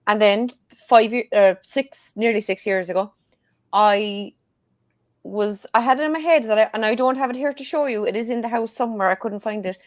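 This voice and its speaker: A woman's voice: a little high, normal speed, no echo. A woman with a Cork Irish accent, chatting as a guest and telling stories with plenty of laughs. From Ireland. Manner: chatty storyteller, laughs often. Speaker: guest tarot reader. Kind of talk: casual chat.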